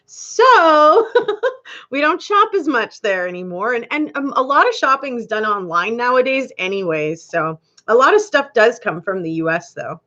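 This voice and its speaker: A woman's voice: fairly high pitch, bright, forceful tone, highs cut off. A woman hosting a live stream, chatting casually with viewers and reading their comments, giggling often. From Canada.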